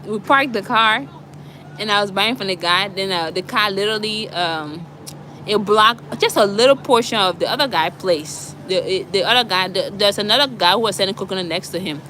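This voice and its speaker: Young woman, casual vlog, apartment walkthrough, chatty, laughs often, bright voice, handheld phone. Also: mid-range voice, normal speed, a little hiss or hum. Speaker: vlogger. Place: indoors, walking through an apartment.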